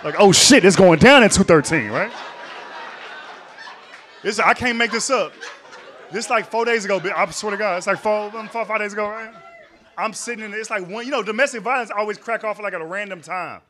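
A man doing a stand-up comedy set in a club, telling a story in an animated, slangy way and acting out voices. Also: high voice, quick pace, a little hiss or hum. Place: comedy club stage before a live audience.

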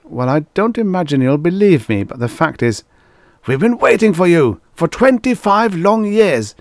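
A man's voice: a little high, sing-song, a little fast, a little mellow, no echo, studio quality, pitched above the performer's own voice. A man doing a bellowing old retired general. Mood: gruff. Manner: bellowing, barking orders. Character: gruff blustering old retired male general.

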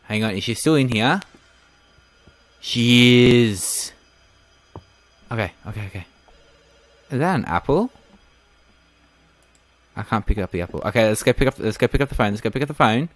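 Male let's-player, casual and chatty, lively pitch, dry close mic. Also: moderate pace, long pauses, no echo. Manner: thinks aloud, casual, swears. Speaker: gaming video host. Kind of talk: casual let's-play commentary.

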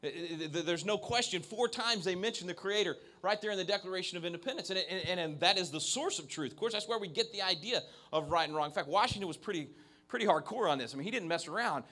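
A man's voice: sits high, fast, sharp tone. A man giving a keynote speech to an evening event audience into a handheld microphone, talking with emphasis and frequent restarts. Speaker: keynote speaker. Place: event venue, in front of an audience.

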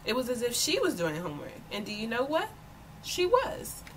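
A woman volunteer reading a children's picture book aloud with expressive storytelling. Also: fairly high pitch, normal speed, slight background noise, low-quality recording. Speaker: volunteer reader.

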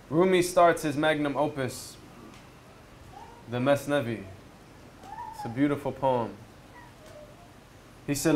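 A man's voice: mid-range voice, a little hiss or hum. A man giving a reflective spiritual talk at a retreat, storytelling conversationally and asking his listeners rhetorical questions. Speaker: speaker at a retreat. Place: outdoors near a river.

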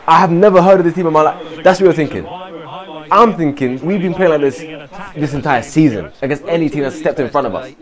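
A man's voice: fairly high pitch, fast talker. A man streaming a football management game, cheering his players on and answering his own mock press conference as the manager. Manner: animated, shouts encouragement at players. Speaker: gaming streamer. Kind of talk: excited gameplay commentary.

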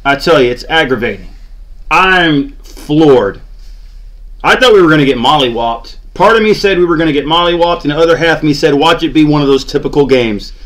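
Exasperated ranting man, slightly high voice. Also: expressive, fairly quick, fairly bright tone. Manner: exasperated, groaning, sarcastic. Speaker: sports channel host. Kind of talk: ranting fan commentary.

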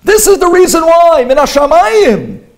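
A man voicing a proud former boxer who exclaims insistently at a raised pitch. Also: normal speed, dark tone, close to an everyday voice. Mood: triumphant.

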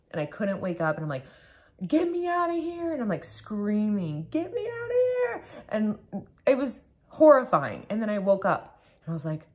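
Chatty woman vlogging from home. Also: deep voice. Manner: chatty, rambling, full of "like". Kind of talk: casual vlog chat. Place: home kitchen.

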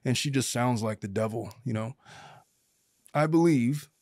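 A man's voice: medium pitch, measured pace, darkish tone, no room sound. Blunt, opinionated man on a dry mic. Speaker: podcast host and lawyer. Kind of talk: casual legal commentary chat.

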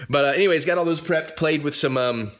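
Bright-voiced casual male vlogger. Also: a little high, fast. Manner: animated, swears freely when annoyed. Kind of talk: casual vlog chat to camera.

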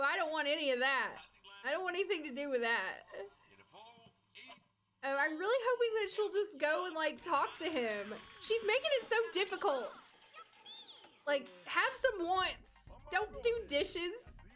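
A woman's voice: sits high, fairly bright tone. A young adult woman streaming a life-sim game, chatting, laughing and coaxing her characters along. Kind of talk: live game commentary.

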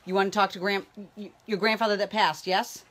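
A woman's voice: mid-range voice, level tone, fairly quick, a bit bright. Lady medium doing readings on a livestream, rambly and chatty, calling out names as she goes. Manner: chatty, rambling, calls viewers by name; talks while a baby tugs at her hair. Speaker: psychic medium. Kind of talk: live-streamed reading, chatting with viewers.

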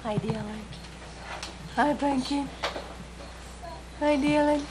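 High cooing woman, hissy camcorder tape. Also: slow. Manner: cooing, sing-song baby talk. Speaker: mother. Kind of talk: home video baby talk.

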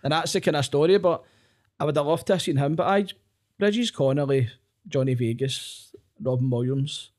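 Glaswegian man, comedian guest, quick sweary self-mocking chat, slightly high voice. Casting note: rapid, profane storyteller. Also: a little mellow. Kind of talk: casual podcast chat.

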